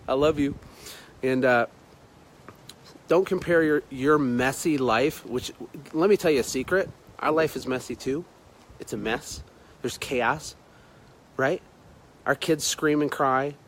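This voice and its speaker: A man's voice: mid-range voice, slight background noise. A man talking casually to viewers on a phone livestream from outside his house at night, repeating himself and greeting people by name. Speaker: business motivational speaker. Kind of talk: casual Facebook Live talk. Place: outdoors at home at night.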